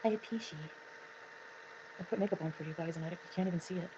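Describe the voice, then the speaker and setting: A woman's voice: fairly low pitch, fast talker. A woman chatting casually on a livestream, greeting viewers by name as she talks. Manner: chatty, reads chat names aloud. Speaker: livestream guest. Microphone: home mic with a fan humming. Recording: lo-fi with loud fan noise.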